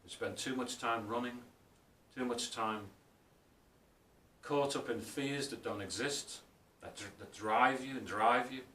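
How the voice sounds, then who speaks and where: Man, spiritual talk, reflective storytelling, mid pitch, echoey room, faint rumble. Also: bright, forceful tone. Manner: storytelling, reflective, often slows for emphasis. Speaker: author and speaker. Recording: roomy, distant mic, faint rumble.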